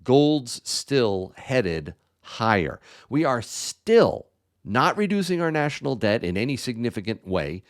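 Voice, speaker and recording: An older man hosting a chat about gold, talking in a lively, animated way. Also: mid-range voice, unhurried. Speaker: channel host. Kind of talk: casual chat and commentary.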